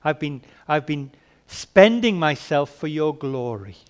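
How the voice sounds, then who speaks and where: A man voicing a weary male prophet pleading earnestly with God, halting a little. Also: a little high, animated.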